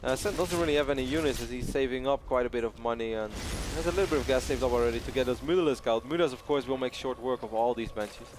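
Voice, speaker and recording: A male esports caster calling a match live with easy, upbeat energy. His voice sits at an ordinary mid pitch, and he mixes play-by-play with jokes and frequent laughter. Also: quick pace, few pauses, background noise. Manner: upbeat, jokey, laughs often. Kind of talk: play-by-play game commentary.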